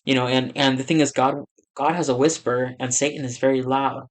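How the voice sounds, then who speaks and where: A male pastor talks through a song in a loose, reflective reaction, his voice sitting at an ordinary middle pitch. He pauses to let things sink in, then reacts with quiet exclamations. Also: steady tone. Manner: reflective, breaks into soft exclamations. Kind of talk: casual reaction commentary.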